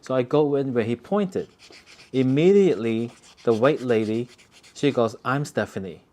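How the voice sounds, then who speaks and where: A man's voice: mid-range voice, unhurried, warm tone. Man muttering over a workbench job. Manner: rambling, joking storyteller who mutters while working. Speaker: watch hobbyist. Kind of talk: casual work commentary. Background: faint sanding and rubbing.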